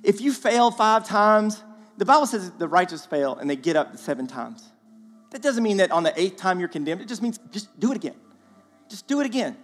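A man giving a guest sermon in a church, animated and conversational with playful asides. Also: sits high, brisk. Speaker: guest speaker. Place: church sanctuary. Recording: long church hall reverb, faint music.

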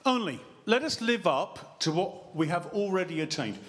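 Preacher, man, fairly high voice, playful and direct, handheld mic in a church. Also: normal speed, hardly any pauses. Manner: lively, joking, quizzes the congregation. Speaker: pastor. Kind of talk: sermon. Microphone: handheld microphone.

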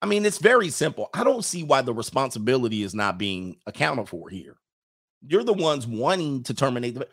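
A man's voice: mid-range voice, very animated, a little fast, slightly rough. A man with an ordinary mid-range voice hosts a reaction commentary. He talks bluntly and argumentatively, mocking the comments he reads and dropping casual slang as he goes. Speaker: commentary host reading viewer comments.

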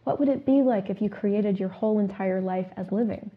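A woman hosting a self-help talk show, asking her listeners questions and reciting a repeated clearing statement. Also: medium pitch, a little fast. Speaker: host. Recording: phone-like narrow sound.

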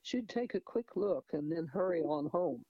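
Male reader, fairly high-pitched, close dry mic, dull lo-fi recording. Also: expressive, normal speed, slightly rough, no echo. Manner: hesitant, with restarts and asides. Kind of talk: reading a novel aloud.

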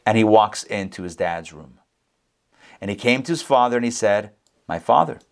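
A rabbi speaks at a normal speed as he runs an animated Torah class, voicing the characters with big upward leaps in pitch. He keeps returning to relaxed, conversational remarks aimed at his students.

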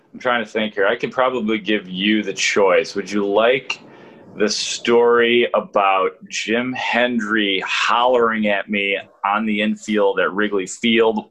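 A man who is a sports reporter, chatting casually on the radio as a guest and telling stories in a lively, animated way. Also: lowish voice, low-quality recording. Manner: lively, animated storyteller with restarts. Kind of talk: casual radio chat, storytelling.

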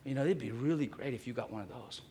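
A pastor preaching a sermon, telling everyday stories and acting out quotes in hushed asides. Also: male voice, mid-range voice, fast, a little hiss or hum.

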